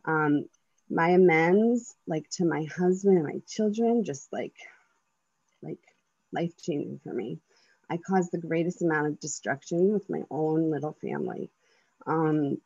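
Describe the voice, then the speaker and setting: A woman in her thirties speaks earnestly at a recovery meeting, pausing with ums and likes as she goes. Her voice sits a little low and is heard dry and close. The sound is dull and muffled, like call audio. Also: creaky, darkish tone, breathy edge, dry recording. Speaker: twelve-step meeting speaker. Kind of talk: personal recovery share.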